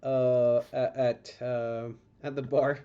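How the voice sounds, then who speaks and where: A man narrating as game master, pausing often with ums and restarting sentences. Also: mid-range voice, flat delivery, dark tone. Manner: hesitant, many ums and restarts. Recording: dull lo-fi stream audio with faint music.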